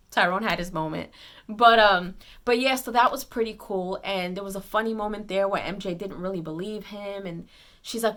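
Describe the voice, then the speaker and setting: A woman giving a casual spoiler movie recap, retelling scenes excitedly with lots of fillers and restarts. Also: mid-range voice, normal speed. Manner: excited retelling, acts out characters' lines. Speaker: movie reviewer.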